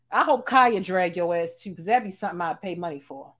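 A woman from Baltimore giving casual gossip commentary in a sassy, slangy way, laughing a lot and breaking into loud bursts. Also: medium pitch, normal speed, few pauses. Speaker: commentary YouTuber.

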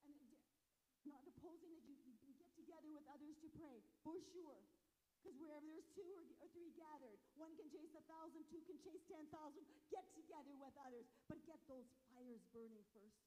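An older woman giving a passionate sermon as guest speaker, fervent and rising to loud exhortation. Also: high-pitched, a little fast, low-quality recording.

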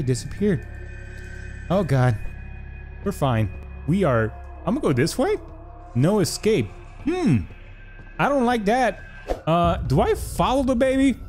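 This young gaming YouTuber has a slightly high voice with a darkish tone. In his let's play commentary on a horror game, set against game music, he gets jumpy and teases the baby character with playful insults.

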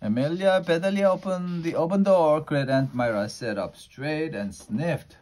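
Man calmly reading a children's storybook. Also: on the high side. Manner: plain, unhurried reading, slows for effect. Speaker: storybook reader.

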